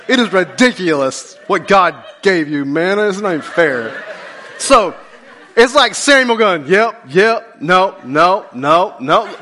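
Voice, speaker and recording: Man, pastor, sermon, pitch swinging all over, bright, animated. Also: a little hiss or hum. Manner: animated, joking with the congregation; drops to a low, slow intensity for key points.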